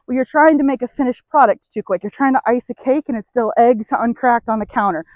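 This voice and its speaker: A woman's voice: fairly high pitch, a little fast, no echo. Horse trainer woman, dry and muffled. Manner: talks to the camera while working a horse, with soft praise between. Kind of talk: hands-on training demonstration.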